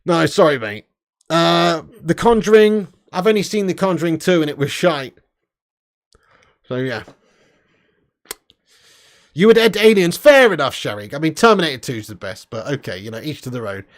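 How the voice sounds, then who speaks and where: A young man hosting a casual livestream, reading super chats, loud and sweary with lots of banter. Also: fairly high pitch, expressive, normal speed, pauses often. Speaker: livestream host.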